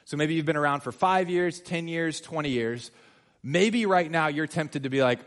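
Male pastor, slightly high voice, conversational sermon with emphatic swells. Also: moderate pace. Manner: conversational, animated preaching with sudden emphatic swells. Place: church.

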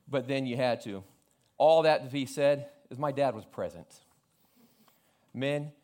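A man in his forties from South Florida preaching a sermon, telling funny family stories and quoting his father with lively acted lines. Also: medium pitch. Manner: storytelling with humor, animated quoting of family. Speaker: pastor.

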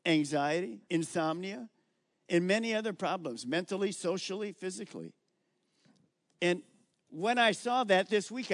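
Older male pastor, sermon, high-pitched, dry recording, animated, coaxing. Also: dry recording. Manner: animated preaching, coaxing the audience.

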